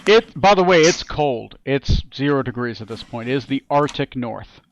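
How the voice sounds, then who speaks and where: A man narrating as game master, relaxed and full of fillers and repeated words. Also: medium pitch, moderate pace.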